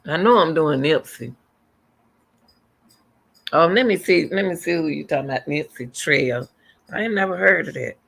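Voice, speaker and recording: A middle-aged woman hosts a casual livestream and talks straight to her viewers. Her voice is gravelly and bright, with a forceful edge. She rambles and answers comments as they come in. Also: low voice, lively intonation, normal speed, long pauses. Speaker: livestream host.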